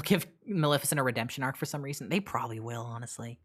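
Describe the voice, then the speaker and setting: Lively, blunt woman streamer. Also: a bass voice, fast. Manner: rambling, many fillers and restarts, blunt. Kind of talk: casual chat reading live chat.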